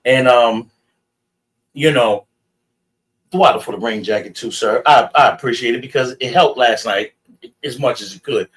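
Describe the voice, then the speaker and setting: A man casually telling a story in an animated way, addressing the leader as sir. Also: medium pitch, moderate pace, long pauses, distant mic, low-quality recording. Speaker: participant.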